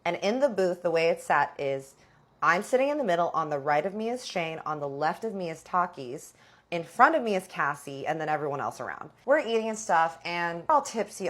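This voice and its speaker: A young adult woman telling a dramatic personal story in a casual vlog, swearing freely. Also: lowish voice. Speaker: storyteller vlogger.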